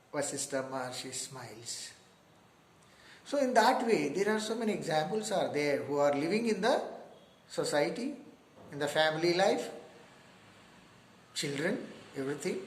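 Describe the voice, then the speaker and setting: A man with an Indian accent giving a spiritual talk and telling a story, checking in with listeners with little "huh?" asides. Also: a little high. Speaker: meditation teacher. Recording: echoey room.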